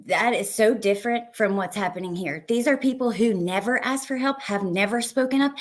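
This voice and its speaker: A woman hosting a casual live stream, reading viewer comments aloud. She swears heatedly at people in her chat and then thanks her chatters warmly. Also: fairly high pitch, normal speed.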